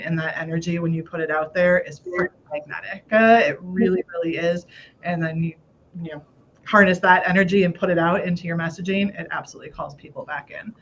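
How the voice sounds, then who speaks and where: A woman's voice: on the low side, a bit bright, muffled recording, slight background noise. A woman hosting a casual podcast chat, upbeat and chatty, laughing often and swearing casually. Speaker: podcast host.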